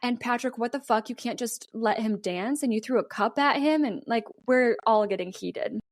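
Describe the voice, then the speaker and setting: A woman's voice: normal speed, dry recording, studio quality. Chatty young woman retelling a film. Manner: animated, acts out characters' lines with shifts in pitch, frequent "like". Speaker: podcast co-host retelling a film. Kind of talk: casual storytelling chat.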